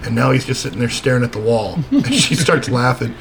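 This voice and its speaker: A man's voice: medium pitch, lively intonation, brisk, gravelly, a little hiss or hum. A man co-hosting a casual talk show, telling a story in a laid-back way, swearing and laughing often. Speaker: podcast co-host.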